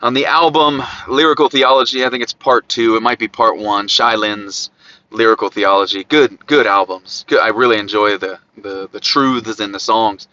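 A man with an Ohio accent preaching a podcast sermon, swinging from loud emphatic peaks to quiet asides. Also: lowish voice, steady tone, moderate pace, lo-fi sound.

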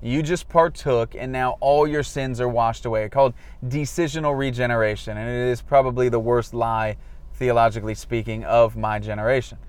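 A man speaks in a frank, self-deprecating way from the driver's seat of a car. His voice sits in a middle range, and he slips into quick impressions of the people he once talked to. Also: mid-range voice, fairly even intonation, clear, resonant tone. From Florida, US. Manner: candid, self-deprecating, acts out quoted dialogue. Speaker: former evangelist recounting his past. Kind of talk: casual reflective monologue. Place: in a car in traffic.

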